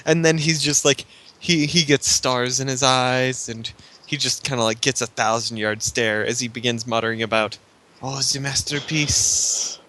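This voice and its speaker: Male game master, relaxed and rambling, bright tense tone. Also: medium pitch, normal speed. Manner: loose, filler-heavy with frequent laughs. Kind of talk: narrating a tabletop game.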